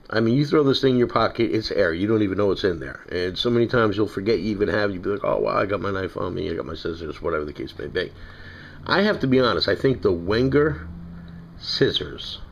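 A man's voice: fairly low pitch, gravelly, muffled recording. A man with a New York accent, chatting casually and rambling as he reviews knives from his collection. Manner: rambling, chatty, self-correcting.

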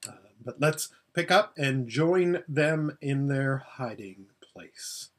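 A pastor reading a children's book aloud for a public library, gentle and unhurried. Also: male voice, medium pitch, lively intonation. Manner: gentle, with frequent "uh" fillers.

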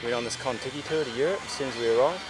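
A man's voice: mid-range voice, rapid-fire, over music, lightly acted, poor audio. A young man with a New Zealand accent playing a brash, crude car-yard worker who swears constantly in naturalistic indie film dialogue. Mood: laid-back. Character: brash foul-mouthed young Kiwi car washer.

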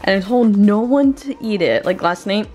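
A bubbly young woman chats to her vlog audience from home, her voice sitting at an ordinary middle pitch. Soft music plays faintly underneath. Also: lively intonation, moderate pace. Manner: bubbly, chatty, talks straight to viewers. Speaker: vlogger. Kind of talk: casual vlog chat.

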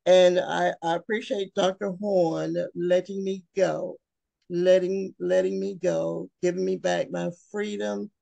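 Earnest woman speaker, gravelly voice, slow heartfelt delivery, dry recording. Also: on the low side, fairly even intonation, mellow, dry recording. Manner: emotional, earnest, with long pauses. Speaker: webinar speaker. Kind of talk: heartfelt personal talk.

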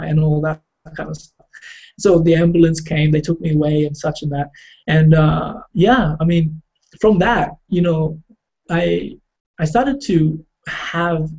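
A man telling a personal story in a halting, reflective way, with many fillers and restarts. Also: fairly high pitch, mellow, lo-fi sound.

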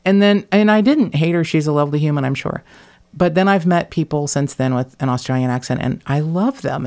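Woman, podcast host, casual chat; animated, blunt, swears freely, laughs mid-sentence. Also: rumbling low.

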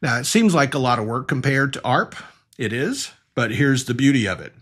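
Guy w a husky voice teaching a tech lesson, walks thru each step, mid pitch. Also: expressive, moderate pace, a bit bright. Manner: explanatory, talks through diagrams step by step. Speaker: networking instructor. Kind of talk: recorded technical lesson.

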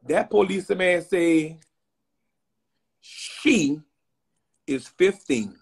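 Loud husky man telling a wild story. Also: high-pitched, lively intonation, drawn-out words. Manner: loud, dramatic, slangy, bursts into shouting. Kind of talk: animated storytelling rant.

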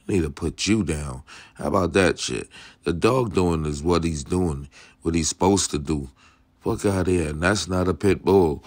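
Gruff, profane man ranting about dogs. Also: sits low, unhurried, no room sound. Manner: blunt, profane, street slang. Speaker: dog channel host. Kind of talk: casual commentary reacting to a video.

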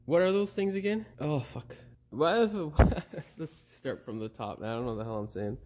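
A man's voice: on the high side, expressive, a little slow, a little mellow. A man hosting a DIY car repair channel, walking viewers through a brake job and then swearing and laughing at his own mistakes in the outtakes. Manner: upbeat sign-off patter. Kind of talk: how-to narration with bloopers. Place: driveway or garage.

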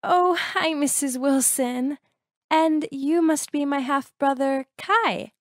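A woman's voice: sits high, slow, no room sound, clean studio sound, voice pushed up. A woman voicing a scheming, bratty teenage half-sister in a sugary, wheedling way.

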